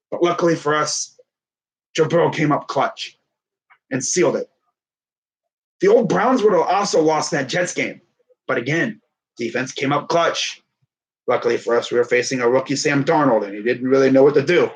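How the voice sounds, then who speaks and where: A young man talking sports in a casual, excitable, rambling way, with plenty of trash talk. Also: fairly high pitch, moderate pace. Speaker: sports fan streamer.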